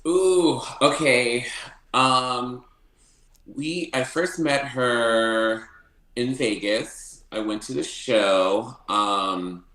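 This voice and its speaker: A man telling stories as a podcast guest, animated, often laughing and acting out what people said. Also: mid-range voice, drawn-out words, roomy sound, rough recording. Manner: animated, laughing often, acts out quoted lines. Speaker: podcast guest, drag performer. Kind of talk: casual storytelling interview.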